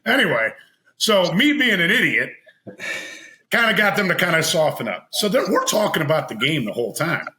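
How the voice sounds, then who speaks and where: A man spins an animated anecdote in casual podcast chat, his bright voice swinging up and down in pitch. He laughs and acts out the people in his story. A faint hiss sits under the recording. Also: moderate pace, low-quality recording. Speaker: podcast guest.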